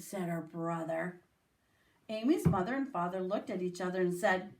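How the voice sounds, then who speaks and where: A woman's voice: lowish voice, moderate pace. A woman teacher reading a picture book aloud to young children, with small voices for the characters. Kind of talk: storybook read-aloud for children.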